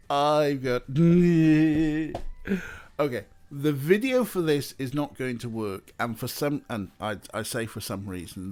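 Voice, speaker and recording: A young man streaming, chatting casually and talking to his cats as he plays. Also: medium pitch. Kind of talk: casual live-stream chat.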